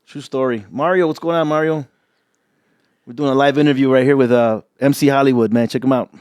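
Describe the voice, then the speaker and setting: A man's voice: medium pitch, steady tone, a little fast, darkish tone, clear, resonant tone, no echo, studio quality. A man hosting a podcast, laid-back and joking as he chats with his guest. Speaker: podcast host. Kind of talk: casual interview chat.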